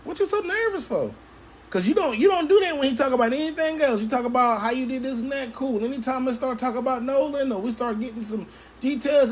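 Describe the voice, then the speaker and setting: Animated woman true-crime commentator. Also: high voice, quick pace, breathy edge. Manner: animated, rhetorical questioning, sarcastic.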